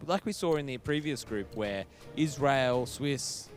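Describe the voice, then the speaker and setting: A man breaking down a competitive esports map in an easygoing, conversational way. He talks with casual confidence at a middle pitch, while faint music plays behind. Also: lively intonation, measured pace. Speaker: esports co-commentator. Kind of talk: casual analysis commentary.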